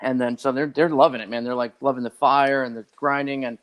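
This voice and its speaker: A man who is a podcast guest, telling a long story in a rambling, animated way and acting out what other people said. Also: medium pitch, fast. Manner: rambling and animated, acts out others' lines, many "like" fillers. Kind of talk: casual storytelling.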